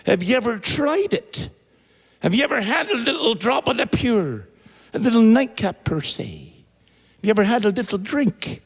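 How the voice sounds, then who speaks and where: Man voicing a sly Irish boozer, coaxing, high and lively, live stage. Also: normal speed, vocal fry, slightly rough, heavily acted. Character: sly wheedling Irish drinker, middle-aged man.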